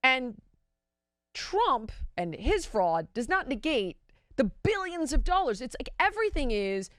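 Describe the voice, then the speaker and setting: A woman's voice: sits high, sing-song, a little slow, a bit bright, dry recording, studio quality. A woman hosting a show, giving opinionated political commentary in an emphatic, exasperated way, full of rhetorical questions. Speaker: show host.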